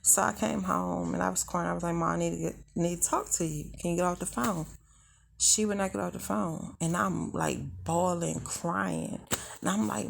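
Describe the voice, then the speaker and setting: Young woman with a low gravelly voice, just talking it out, blunt and candid. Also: moderate pace. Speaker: storyteller. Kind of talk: casual first-person life story.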